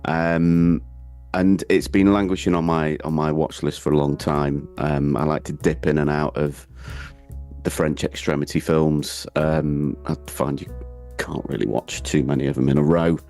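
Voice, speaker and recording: A man with a very deep voice speaks as a podcast guest. His tone is calm and soothing, and his delivery is unhurried. Faint music plays in the background. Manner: calm, soft-spoken. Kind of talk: casual film podcast chat.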